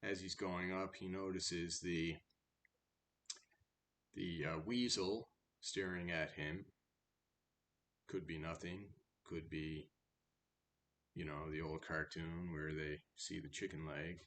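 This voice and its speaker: A low-voiced man reads a verse fable, then retells it in a loose, chatty way. He takes his time and keeps a slow pace. A faint hiss sits under the recording. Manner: relaxed, chatty retelling with fillers. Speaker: storyteller. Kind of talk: reading a fable aloud, then retelling it casually.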